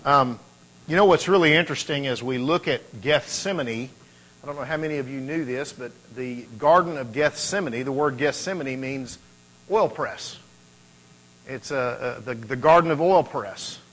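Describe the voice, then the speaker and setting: A man's voice: medium pitch, a bit bright, poor audio. Man preaching a conversational sermon. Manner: conversational preaching, rising to emphatic peaks with pauses. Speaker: pastor.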